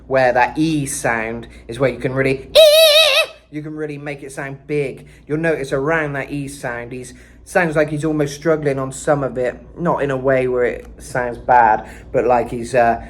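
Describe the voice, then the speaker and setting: A man's voice: medium pitch, fairly even intonation, normal speed. A man giving a casual vocal lesson, talking loosely with lots of "kinda" and "you know.". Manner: breaks into screamed metal demos. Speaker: vocal coach.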